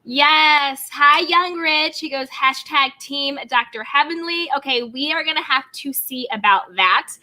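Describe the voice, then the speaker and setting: A woman's voice: high-pitched, measured pace, hardly any pauses, sharp tone. A woman hosting a live stream, chatting about reality TV in a bubbly way and greeting viewers by name. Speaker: YouTube host. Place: California home.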